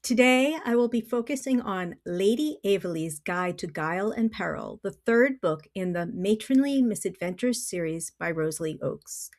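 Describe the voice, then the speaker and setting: A middle-aged woman giving an earnest, measured book review vlog with small self-corrections. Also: medium pitch, lively intonation.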